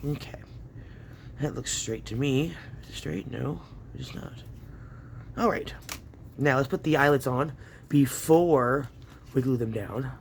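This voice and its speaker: A man's voice: medium pitch, measured pace, vocal fry, pauses often, slight background noise. A man hosting a casual crafting tutorial at home, chatting to viewers and laughing often as he works. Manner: chatty, laughs often, talks to himself while working. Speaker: craft channel host.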